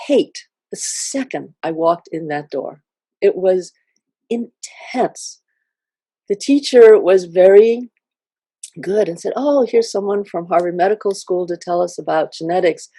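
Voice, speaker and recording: A woman's voice: fairly low pitch, mellow, husky, no room sound. A middle-aged woman, a genetics professor, telling a personal story in a talk, earnest and reflective, with some fillers.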